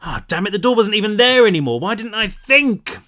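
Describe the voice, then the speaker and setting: A man's voice: fairly high pitch, expressive, moderate pace, sharp tone. A man voicing a fierce, furious teenage girl in a storybook reading, snapping and bitter. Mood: self-blaming.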